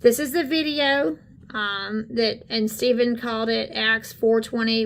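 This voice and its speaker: A woman, co-hosting a channel, talking indignantly and haltingly in casual commentary on videos. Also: mid-range voice. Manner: indignant, halting with many fillers. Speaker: channel co-host. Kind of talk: casual commentary on screen content.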